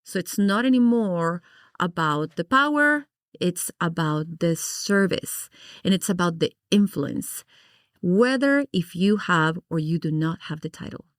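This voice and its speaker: A middle-aged woman from Guatemala, a podcast guest, telling her story in an animated, expressive way and acting out her past reactions. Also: on the low side, a little slow, no room sound, studio quality. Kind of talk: personal storytelling in an interview.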